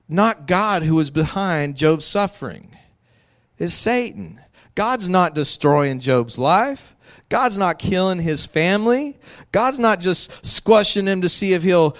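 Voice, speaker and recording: A man's voice: a little high, very animated, unhurried. A male pastor preaching a sermon in a candid, conversational way, laughing often.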